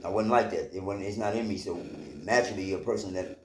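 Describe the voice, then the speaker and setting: Man, low voice, rambling personal storytelling, swears a lot, echoey room. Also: steady tone, quick pace, darkish tone, a little hiss or hum. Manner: rambling, with frequent fillers and heavy swearing. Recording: roomy echo.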